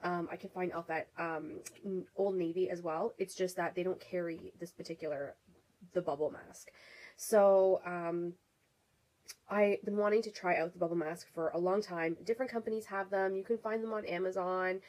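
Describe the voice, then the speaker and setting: A woman's voice, slightly low and audibly congested from a cold, carries a relaxed beauty review. She rambles in a friendly way, restarting sentences and leaning on ums, like casual vlog talk to camera. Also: normal speed, poor audio. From Canada. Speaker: beauty vlogger.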